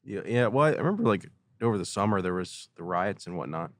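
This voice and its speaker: A man on a podcast, chiming in with quiet, brief remarks in casual chat. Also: low-pitched, animated, fast, no echo, studio quality. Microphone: podcast mic.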